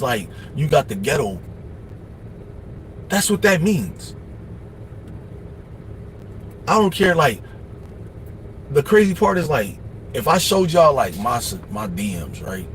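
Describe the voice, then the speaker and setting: A man hosting a livestream, giving casual life advice in a blunt, profane, preachy way, often mimicking other people in quick asides. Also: mid-range voice, a little hiss or hum. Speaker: livestream host.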